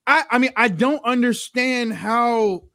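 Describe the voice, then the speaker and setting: A podcast host telling stories in casual chat, animated and quick to act out what others said, often repeating his words. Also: extremely high pitch. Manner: animated storyteller, repeats words, acts out quotes.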